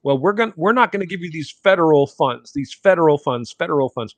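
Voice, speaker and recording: A man's voice: fairly high pitch, lively intonation, quick pace, hardly any pauses, dry recording. A man co-hosting a podcast, ranting bluntly about government and swearing freely in casual talk. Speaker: podcast co-host. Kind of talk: casual political podcast chat.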